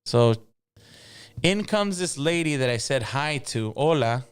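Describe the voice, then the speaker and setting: Brief: mariachi singer, interview guest, smooth clear tone, lively anecdote teller. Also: male voice, fairly high pitch, unhurried. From Los Angeles. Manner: lively storyteller who acts out quotes and mixes in Spanish. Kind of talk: casual storytelling in an interview.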